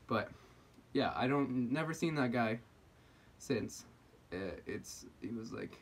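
Young man, casual vlog storytelling, rambling, filler-heavy, mid pitch. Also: moderate pace, breathy edge. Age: young adult. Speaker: vlogger.

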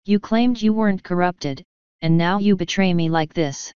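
A woman's voice: on the low side, normal speed, darkish tone, clear, resonant tone, no echo, close to an everyday voice. A woman voicing a young female pony mage, shaky but determined and pleading, in a slightly dull, dry recording.

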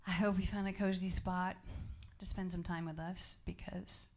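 A woman jazz singer in relaxed, chatty stage banter between songs at a small club, speaking softly with easy fillers and asides. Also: fairly low pitch, moderate pace. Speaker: jazz vocalist leading a band. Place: small live music club, indoors. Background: jazz band instruments.

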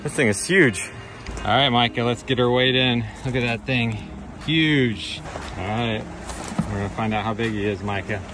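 A man's voice: mid-range voice, fairly even intonation, moderate pace, over music. A middle-aged man filming a casual outdoor vlog by a river, cheerfully coaching a child through fishing, recorded on a handheld camera. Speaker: vlogger. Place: outdoors by a river in cold weather.

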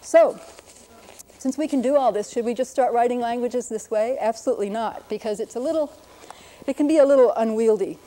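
Mellow-voiced woman explaining phonetics patiently. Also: on the high side, brisk, low-quality recording. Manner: patient, explanatory, demonstrates pronunciations. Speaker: linguist presenter. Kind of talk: educational lecture.

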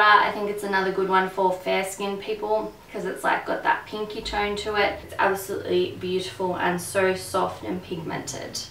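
A young woman speaks candidly in a relaxed vlog chat, swearing now and then. She sits a little away from the mic, so the room echoes around her voice. A faint hum of household ambience sits underneath. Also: mid-range voice, vocal fry, recorded from a distance. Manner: candid, chatty, swears freely. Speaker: beauty vlogger. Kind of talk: casual to-camera chat.

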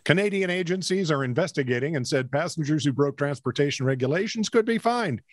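A man's voice: fairly high pitch, expressive, brisk, dry recording, clean studio sound. A man co-hosting a casual comedic news podcast, reading stories aloud, laughing easily and trading quips. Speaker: podcast co-host.

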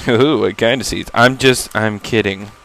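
A man's voice: fairly low pitch, fairly even intonation, normal speed, gravelly, fairly bright tone, a little hiss or hum, low-quality recording. A young man giving casual, rambling commentary on a game he is playing for the first time, self-deprecating and easily startled, swearing when surprised. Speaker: gamer recording a first-time playthrough. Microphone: laptop setup.

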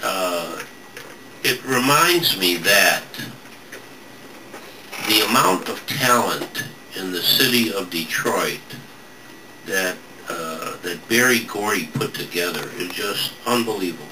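A man hosting a casual studio chat, rambling and halting as he searches for names. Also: sits low, expressive. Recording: distant mic with background noise.

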